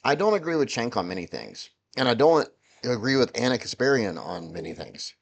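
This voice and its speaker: A man's voice: medium pitch, very animated, fairly quick, gravelly. A middle-aged man vlogging a heated, profane political rant, rambling and restarting his sentences often. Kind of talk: ranting political commentary.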